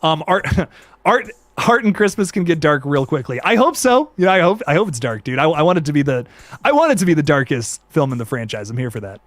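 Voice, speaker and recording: A young man hosting a casual live stream, reading chat and reacting with excitable slang and quick restarts. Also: on the high side, dry recording, soft background music. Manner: excitable, laid-back slang, frequent laughs and restarts.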